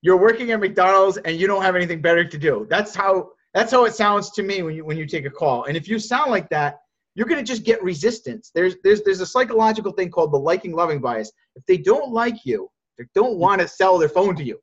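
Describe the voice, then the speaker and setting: Direct male sales coach on a call; high-pitched, muffled low-fi sound. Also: animated, brisk, fairly bright tone. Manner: blunt, direct, repeats words when he starts a thought. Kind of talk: coaching on a group video call.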